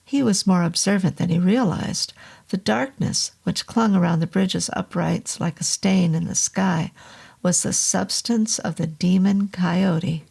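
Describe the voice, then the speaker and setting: Woman, horror audiobook narration, slow, measured, gravelly. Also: lowish voice, a little mellow.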